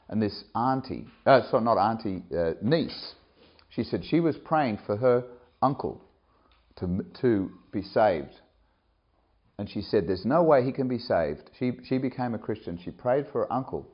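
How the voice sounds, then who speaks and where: Male preacher, sermon storytelling, very lively pitch, mid-range voice, muffled lo-fi recording. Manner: animated, rising excitedly when telling the story, with laughs. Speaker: preacher, camp director.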